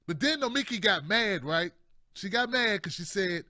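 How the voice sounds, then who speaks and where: A man's voice: high voice, expressive, normal speed, pushed and bright, dry recording, clean studio sound. A man hosting casual political commentary, talking in a slangy, repetitive, chatty way with frequent laughs.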